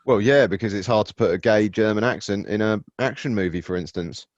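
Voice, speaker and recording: A man's voice: on the low side, a little fast, dry recording. A man co-hosting a podcast, joking around in casual banter. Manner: jokey, slips into silly put-on voices. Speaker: podcast co-host. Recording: dull dry lo-fi sound.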